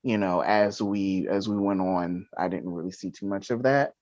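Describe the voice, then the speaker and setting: A podcast co-host in a casual review chat, speaking thoughtfully and haltingly with frequent ums. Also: low voice, steady tone, a little mellow, dry recording, dull audio.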